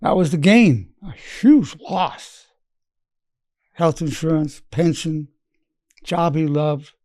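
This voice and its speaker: Speaking slowly in a somewhat dark, high-leaning voice, an elderly man in his eighties shares anecdotes from his work as a psychologist. He quotes what his patients said in his own voice as a way of teaching. The sound is clean studio audio with no room tone.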